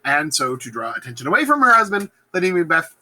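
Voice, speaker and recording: A male teacher casually retelling a play in a lesson, slangy and animated, acting out lines in voices. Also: fairly high pitch, fast, rough recording. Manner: animated, slangy, acts out quotes in funny voices.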